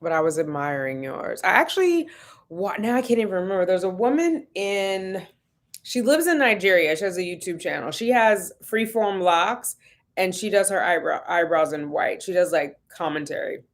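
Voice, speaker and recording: A woman's voice: fairly low pitch, lively intonation, normal speed. A woman casually chatting at home on a livestream, laughing often and greeting viewers by name. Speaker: vlogger hosting a livestream.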